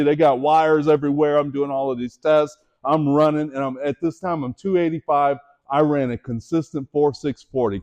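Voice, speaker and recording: A middle-aged man giving a motivational talk to students, telling his story with animation and asking the audience direct questions. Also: on the high side. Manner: animated storytelling, voices the people in his stories. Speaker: motivational speaker.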